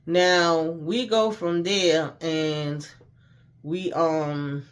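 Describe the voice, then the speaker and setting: This man recaps a TV episode very slowly, his fairly high voice keeping a fairly even intonation. His retelling is slangy and casual, built on character quotes with some mild cursing.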